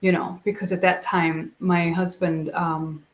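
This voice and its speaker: A woman's voice: on the low side, measured pace. A middle-aged woman guest telling personal stories with feeling, acting out what people said. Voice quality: expressive, animated storyteller who acts out quotes. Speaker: guest, speaker and coach. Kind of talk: emotional personal storytelling.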